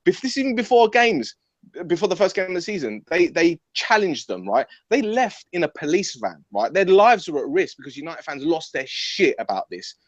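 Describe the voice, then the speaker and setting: A young man arguing about football in a blunt, animated, sweary way, repeating himself as he talks. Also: a little high, dry recording. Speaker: football fan pundit. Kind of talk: heated casual football debate. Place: his mum's house. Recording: dull, muffled audio.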